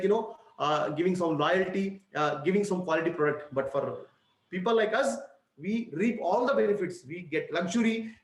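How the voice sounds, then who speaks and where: Indian man giving a high-pitched pep talk. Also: roomy sound, low-quality recording. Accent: Indian English. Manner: preachy, repetitive, addresses crowd as ladies and gentlemen. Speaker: motivational speaker. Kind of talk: motivational speech with storytelling.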